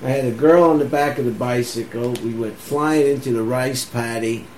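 A man casually telling animated stories about his military days, laughing through them. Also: medium pitch, moderate pace. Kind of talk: casual storytelling chat. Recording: echoey room with faint background hum.

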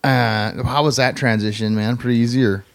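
A man's voice: mid-range voice, fairly even intonation, moderate pace, dry recording, studio quality. A man hosting a casual podcast chat, joking, swearing freely and acting out little voices. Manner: profane, joking, acts out voices. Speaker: podcast host.

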